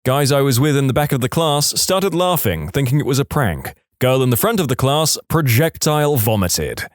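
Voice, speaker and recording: A man reading online stories aloud as scripted narration, expressive, with dry asides. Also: mid-range voice, moderate pace, dry recording.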